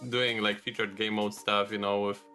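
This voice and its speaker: Podcast guest: man, low pitch, sharp edge, loose rambling chat, faint music underneath. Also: moderate pace. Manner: relaxed, rambling with restarts. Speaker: guest, video creator.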